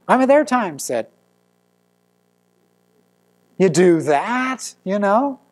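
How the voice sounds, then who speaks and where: Middle-aged male pastor; sermon delivery, animated storytelling, slightly high pitch. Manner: storytelling with lively acted quotes.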